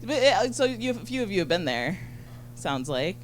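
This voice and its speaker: A woman doing a stand-up set on a club stage, chatty and bubbly, full of fillers and quick asides to the crowd. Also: mid-range voice, very animated, a little hiss or hum. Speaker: stand-up comedian. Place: comedy club stage in front of an audience.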